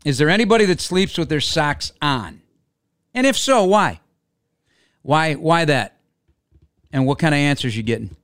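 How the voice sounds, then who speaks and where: A man's voice: on the high side, expressive, moderate pace, long pauses, a bit bright, clear, resonant tone, no room sound. A man hosting a casual sports podcast, bantering with dry denials. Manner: dry, denying and teasing back. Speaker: podcast host.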